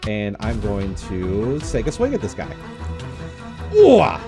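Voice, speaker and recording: Excitable gaming YouTuber man, lively voice. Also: fairly low pitch, normal speed, music in the background. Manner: excitable, jokey, yelps and laughs. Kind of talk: Let's Play commentary.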